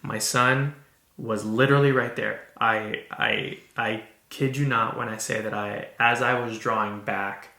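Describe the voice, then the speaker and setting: A man hosting a podcast, telling a personal story in an earnest, halting way with many restarts. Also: lowish voice, steady tone, bright, forceful tone, roomy sound. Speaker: podcast host. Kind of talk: casual storytelling.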